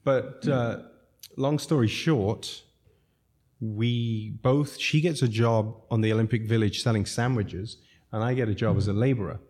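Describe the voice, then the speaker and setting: A man's voice: mid-range voice, unhurried, a little mellow. A man from South Africa, a restaurateur guest, telling long rambling stories with frequent chuckles. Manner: rambling, chuckles often, self-interrupting. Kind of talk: casual storytelling.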